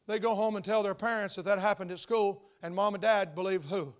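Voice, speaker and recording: Older man, pastor preaching in church, high voice, emphatic, asks the congregation questions. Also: fairly even intonation, a little fast, clear, resonant tone. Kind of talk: sermon. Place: church sanctuary.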